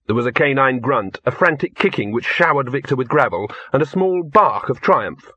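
A husky male narrator telling a story in a measured, steady way. The recording is dull and lo-fi, very dry and close to the mic. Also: medium pitch, no echo. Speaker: audiobook narrator. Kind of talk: scripted narration.

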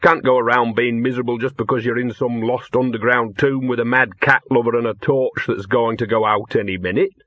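A cynical talking mutt, voiced by a man in an audiobook, grudging and sardonic with a husky edge. The recording is dull and lo-fi, dry and close. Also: medium pitch, fairly even intonation, brisk, few pauses, no echo, natural voice. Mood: grumbling. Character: streetwise grumbling talking male dog.

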